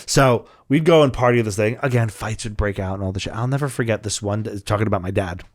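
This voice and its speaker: A man's voice: lowish voice, fast. A young man hosting a podcast, telling a rowdy story in casual, profane chat and acting out the voices of the people in it. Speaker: podcast co-host.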